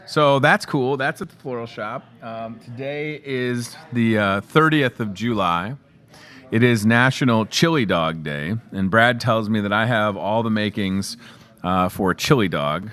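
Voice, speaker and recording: A man in his thirties from the Chicago area hosts a local morning show in a lowish, fairly bright voice at an unhurried pace. Chatty and upbeat, he jokes with the crew and talks to the camera while showing and promoting store products in casual live chat.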